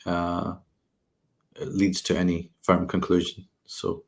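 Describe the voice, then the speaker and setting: A man teaching the Quran, measured and cautious, carefully weighing word choices in translation. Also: sits low, monotone, gravelly. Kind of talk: scholarly study discussion.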